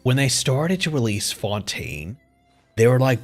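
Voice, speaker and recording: A man chatting casually on his live stream, excitable and loose, dropping swear words and chuckling as he goes. His voice sits at an average pitch, with faint game music behind him. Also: a little slow.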